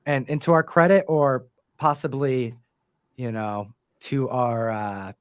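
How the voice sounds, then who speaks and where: A comic book co-writer and show host chats casually in an interview about his comic work, rambling with lots of fillers and restarts. His medium-pitched voice is steady, clear and resonant, and he takes it slowly; the recording is dry with clean studio sound.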